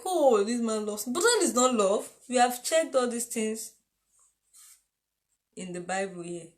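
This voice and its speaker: A woman giving a casual Bible teaching, telling stories and often asking "You understand?". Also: medium pitch. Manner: chatty, laughs often, asks "You understand?".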